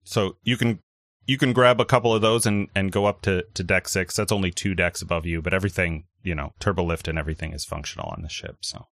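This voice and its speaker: A man running a tabletop role-playing game as game master, talking in halting bits full of fillers and restarts. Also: low voice, steady tone, a bit bright, no echo, clean studio sound.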